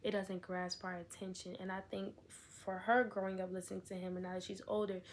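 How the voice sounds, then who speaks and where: A young woman talking straight to her viewers in a loose, rambling vlog, full of asides and "you know what I'm saying." Her pitch sits in a middle range for a woman. Faint background noise sits under the recording. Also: little pitch movement, fairly quick. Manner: rambling, candid and talkative, with fillers and asides. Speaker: vlogger. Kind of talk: casual chat.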